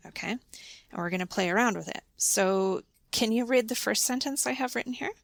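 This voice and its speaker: A woman hosting a conversational podcast interview about English pronunciation, asking guiding questions and explaining clearly. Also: on the high side, brisk, no room sound. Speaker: podcast host and English teacher.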